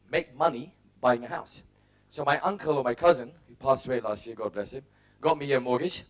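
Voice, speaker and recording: A middle-aged English motivational speaker talks fairly quickly in a mid-range voice. He shares personal stories and acts out his own thoughts in short, punchy bursts.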